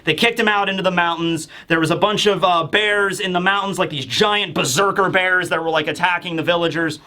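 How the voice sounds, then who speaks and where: A man's voice: sits high, a little fast, pushed and bright. A man hosting a casual comic review, talking in a rambling, enthusiastic way with lots of fillers. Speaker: manga review host. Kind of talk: casual commentary.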